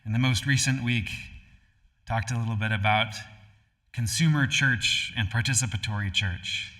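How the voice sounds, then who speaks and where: A male pastor from Connecticut giving a storytelling sermon in a relaxed, conversational way, with frequent fillers and restarts. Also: medium pitch, normal speed. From Connecticut, USA. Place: church sanctuary. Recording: live-streamed hall with long reverb.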